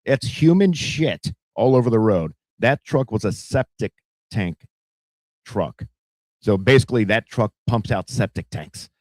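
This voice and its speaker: A man rambles through casual news commentary with plenty of fillers and cursing. His voice is low and mellow. The recording is dry and close. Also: lively intonation, a little slow, no echo. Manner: profane, rambling, heavy fillers. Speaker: podcast host.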